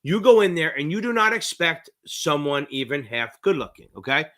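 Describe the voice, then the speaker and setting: A middle-aged man with a New Jersey accent, tutoring on a live-stream Q&A in a rambling, profane, excitable way. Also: a little high, normal speed. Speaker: exam prep tutor.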